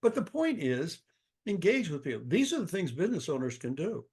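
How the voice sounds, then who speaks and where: A man's voice: a little high, a little fast. An older man, a guest author, answering in an interview with emphatic storytelling and acted-out dialogue. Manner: energetic, emphatic, acts out quoted dialogue.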